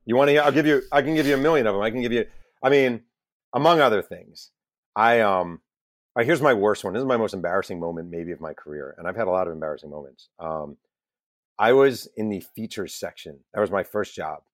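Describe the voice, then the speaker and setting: Deep-voiced man telling stories animatedly. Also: fast, dry recording, clean studio sound. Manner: animated anecdotal storyteller, self-deprecating, swears casually. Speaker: guest journalist and author. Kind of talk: casual interview storytelling.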